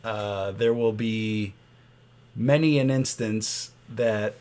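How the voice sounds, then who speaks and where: A man co-hosting a podcast from his children's bedroom, joking in a dry, deadpan way. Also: fairly low pitch, slow pace. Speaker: podcast co-host. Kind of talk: casual chat.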